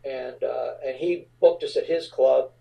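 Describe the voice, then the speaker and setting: A middle-aged man from the New Orleans area, a rock frontman telling stories in an interview, relaxed and rambling with many fillers. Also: medium pitch, a little slow, gravelly, far from the mic, dull audio. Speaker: rock band frontman, guest. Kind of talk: casual interview storytelling.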